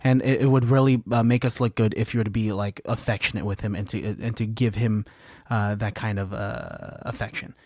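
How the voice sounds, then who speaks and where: A man's voice: lowish voice, animated, a little fast, a little mellow, no room sound. A young man co-hosting a podcast, chatting casually and swearing, with a laid-back manner. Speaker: podcast co-host. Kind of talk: casual chat.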